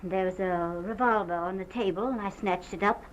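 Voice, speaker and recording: An actress playing a distraught woman who haltingly recounts a violent night, in early sound-film acting on a muffled old film recording. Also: medium pitch, natural voice. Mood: strained. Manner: halting, hesitant, breaks off.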